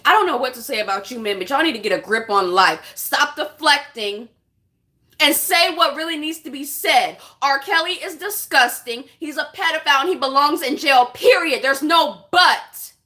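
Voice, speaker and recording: High, bright-voiced woman ranting hard. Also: animated, moderate pace. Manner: impassioned, blunt, profane. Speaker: vlogger. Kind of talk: casual vlog rant to camera.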